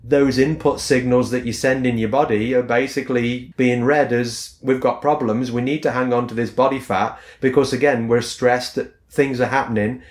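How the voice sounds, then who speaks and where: A man co-hosts a fitness podcast and talks it through in a loose, rambling way, returning to "again" over and over. His voice sits at an ordinary middle pitch. The room around him gives a clear echo. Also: fairly even intonation, normal speed, hardly any pauses. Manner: rambling, repeats "again" as a filler. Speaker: podcast co-host, fitness coach. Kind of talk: casual explanatory podcast chat.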